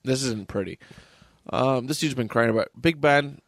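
A man's voice: medium pitch, moderate pace, no echo, studio quality. A man co-hosting a casual sports podcast, running through game scores with jokey asides. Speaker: podcast co-host. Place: small dry home studio. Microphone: desk mic in a home studio.

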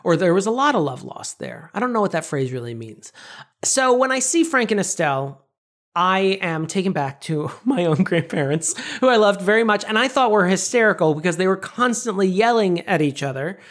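A man co-hosting a casual podcast chat, laughing often and acting out shouted quotes. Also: high voice, normal speed. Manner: animated, laughs often, acts out shouted lines. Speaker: podcast co-host.

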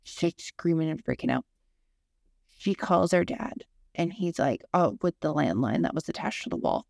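Low, gravelly woman telling rambling stories. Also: animated, moderate pace, a little mellow, no room sound, clean studio sound. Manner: rambling, digressive storyteller with lots of fillers. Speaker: podcast co-host. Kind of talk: casual storytelling chat.

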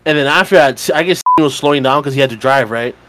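He talks fast with a medium-pitched voice, background noise audible behind him. A podcast co-host in his twenties, he's casually telling a bar story, swearing, rambling and leaning on fillers while laughing along.

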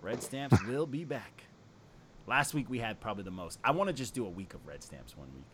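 A young man co-hosting a casual music review podcast, animated and slangy, swearing and repeating himself. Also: medium pitch, fairly quick, husky. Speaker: podcast co-host.

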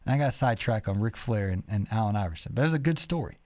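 A man hosting a podcast, telling rambling, animated stories full of quoted voices. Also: fairly low pitch, very fast, no room sound. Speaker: podcast host. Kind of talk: casual storytelling chat.

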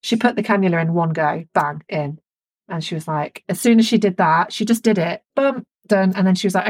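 A woman's voice: fairly low pitch, brisk, husky, dry recording. A woman co-hosting a podcast, telling a story candidly and with energy, swearing freely. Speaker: podcast co-host. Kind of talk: frank casual chat.

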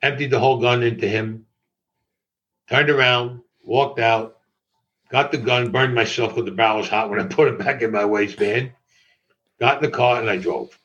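An older man recounts his past in a flat, matter-of-fact way. His voice sits at a mid pitch. The audio is dull and lo-fi. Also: normal speed. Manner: matter-of-fact, acts out others' lines. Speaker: interview guest. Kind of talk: recounting a personal story.

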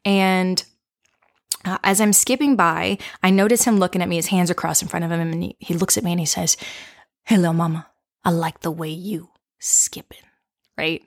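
A woman hosting her own show, talking through a lesson by telling a story from her life. Her delivery is playful and animated, full of little laughs. She keeps checking in with the listener as she goes. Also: lowish voice. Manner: animated, with frequent tag questions. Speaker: podcast host.

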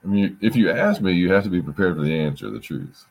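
A man with an extremely deep, husky voice rambles through a story in casual podcast chat. He restarts his sentences and swears freely. His pitch swings widely as he talks. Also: lively intonation, quick pace, darkish tone.

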